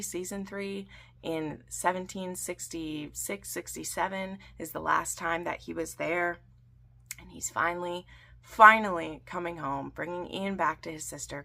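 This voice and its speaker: Gravelly low-voiced woman gushing in a vlog. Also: bright, forceful tone. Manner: gushing, chatty, many fillers. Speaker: book and TV series recap vlogger. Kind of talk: casual recap chat.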